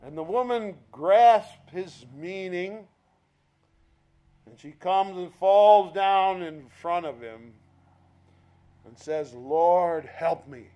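A man's voice: high voice, clean tone. A man preaching a sermon, telling a story and acting out the voices of the people in it. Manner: animated storytelling, acting out voices, slow emphatic delivery. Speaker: pastor.

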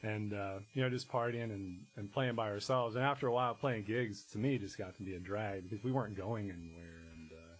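A man, a musician guest in casual conversation, talking in a rambling, halting way full of restarts and fillers. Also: fairly low pitch, slightly rough, low-quality recording.

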